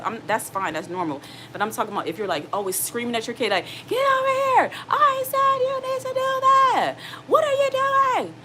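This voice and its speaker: A woman in her thirties, a single mom giving casual, earnest advice straight to her viewers. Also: medium pitch. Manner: earnest, direct, addresses viewers as y'all. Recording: noticeable background noise.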